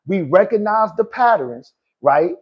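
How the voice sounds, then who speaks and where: A man with a husky, slightly breathy voice pitched on the high side delivers a motivational talk. He preaches in loose, informal speech and circles back to repeat his points so they land. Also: lively intonation, unhurried, highs cut off. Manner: preachy, repeats lines for emphasis, calls listeners "good people". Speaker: podcast host and life coach.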